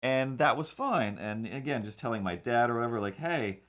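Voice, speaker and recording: A man's voice: medium pitch, a little fast, a bit bright. A man in casual talk, drawing on a live stream and telling a long personal story with many fillers and restarts. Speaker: webcomic artist streaming.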